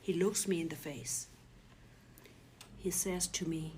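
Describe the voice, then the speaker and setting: Hushed South African woman, low voice. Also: fairly even intonation, slow pace, slight background noise. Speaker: guest telling her story. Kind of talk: emotional personal testimony.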